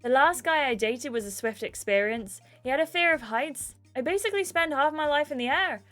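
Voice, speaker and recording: A woman's voice: sits high, lively intonation, fairly quick, sharp tone, soft background music, voice pushed up. A woman voicing a bubbly young Irish acrobat with a put-on Irish accent, reading her lines in a chirpy, playful way. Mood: perky.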